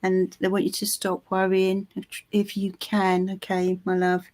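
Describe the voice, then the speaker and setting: A woman giving a live psychic reading, soothing and reassuring, with frequent pauses and restarts. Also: medium pitch, monotone, a little mellow, slight background noise. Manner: soothing, reassuring, calls the listener "my love"; halting, with many ums and restarts. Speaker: tarot reader.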